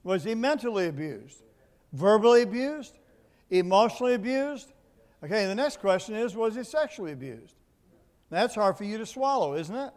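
A man preaching a sermon, dropping to quiet asides and then rising to loud, emphatic points, often repeating words as he builds. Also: high voice, expressive, normal speed, big-room sound. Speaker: pastor. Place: church building.

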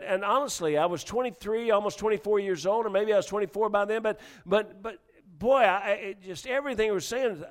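A middle-aged male preacher giving a sermon, often restarting words and swinging between quiet storytelling and loud exhortation. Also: high voice.

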